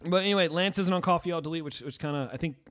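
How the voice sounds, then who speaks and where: Male podcast host, slightly high voice, rambling profane banter. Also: rapid-fire, fairly bright tone. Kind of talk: casual podcast chat.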